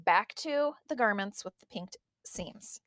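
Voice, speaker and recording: A woman's voice: medium pitch, animated, a little slow, fairly bright tone, no echo. A woman co-hosting a casual chat show, bantering and giggling with her co-host. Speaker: podcast co-host.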